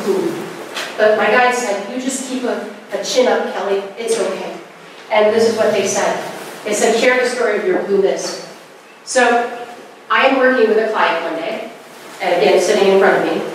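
A woman's voice: mid-range voice, slight background noise. A middle-aged woman giving a spiritual talk to a live audience, telling stories and acting out the voices she quotes. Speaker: presenter. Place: presentation hall. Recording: very echoey hall, mic at a distance.

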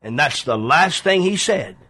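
A man preaching a sermon on the radio, pleading and emphatic, with dramatic pauses and big swings in his voice. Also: fairly high pitch, expressive, pushed and bright, husky.

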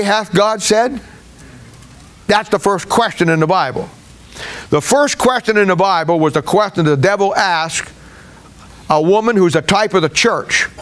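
A man's voice: high-pitched, fairly bright tone. A man pastor preaching a sermon in a folksy, conversational way, with hesitations.

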